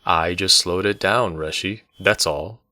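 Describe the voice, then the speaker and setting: A man's voice: low voice, a little slow, pushed and bright, no echo, studio quality, heavily acted. A man voicing a playful young male innkeeper's assistant who talks in a lilting, teasing way. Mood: subdued.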